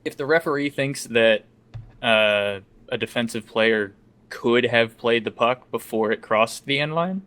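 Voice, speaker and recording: A man's voice: medium pitch, measured pace, fairly bright tone, smooth. A man chatting on a podcast, explaining game rules at length with lots of filler words. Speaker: podcast co-host. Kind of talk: casual podcast chat.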